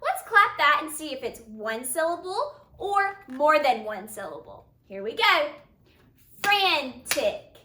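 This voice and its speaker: A woman teacher giving a slow, upbeat phonics lesson to young children, praising them often. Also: high voice, big pitch swings, sharp tone, reverberant, slight background noise. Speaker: first-grade teacher.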